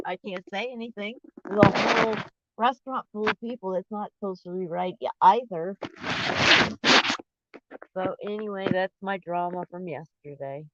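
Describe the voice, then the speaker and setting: Talking at a moderate pace in a mid-range voice, a woman records a casual personal vlog that is dull, dry and lo-fi, with slight background noise. She's frank about her feelings and tends to ramble, often losing her thread and starting over.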